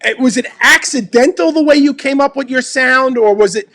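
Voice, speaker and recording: A man's voice: extremely high pitch, moderate pace, a bit bright. A middle-aged man hosting a casual interview, asking questions with enthusiasm and often stumbling over his words. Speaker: podcast host.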